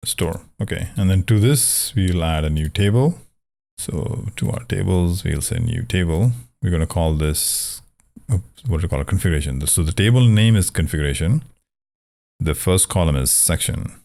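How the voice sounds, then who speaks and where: Very low-voiced man thinking aloud. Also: normal speed, gravelly, warm tone. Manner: thinking aloud, conversational, self-correcting; wry, joking about pronunciation. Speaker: programming tutor. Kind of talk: casual screen-share coding walkthrough.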